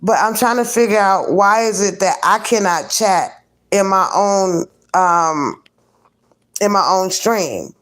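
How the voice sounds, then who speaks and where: A woman's voice: mid-range voice, slow pace. A woman hosting a casual live stream, chatting with viewers and reading the chat aloud.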